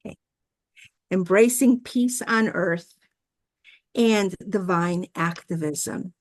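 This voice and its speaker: Over a video call, a woman guest minister delivers a sermon in a storytelling manner, adding friendly asides. Her voice is mid-range and slow, picked up by a video call mic.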